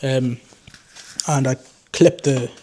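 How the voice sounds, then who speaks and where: A man's voice: medium pitch, slow, mellow, slight background noise. A young man from the North East of England, with a Geordie accent that drifts toward southern English, chats unscripted to camera as a drone vlogger, rambling and poking fun at himself. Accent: Geordie mixed with southern English. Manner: rambling, loose, self-mocking. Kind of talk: casual unscripted chat to camera.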